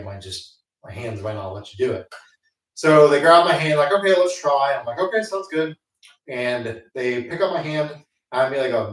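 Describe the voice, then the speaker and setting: A man of middle pitch tells a rambling, self-mocking story full of fillers and restarts. He talks casually between training sets. He sounds heavily echoey and set back from the mic, as if in a hard gym room. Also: far from the mic. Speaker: host.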